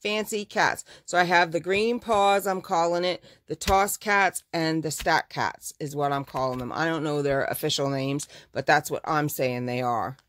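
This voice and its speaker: A woman's voice: low-pitched, normal speed, few pauses, a bit bright. Gushing woman showing off fabrics. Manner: chatty and gushing, corrects herself mid-sentence. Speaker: fabric shop owner. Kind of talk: casual live product showcase.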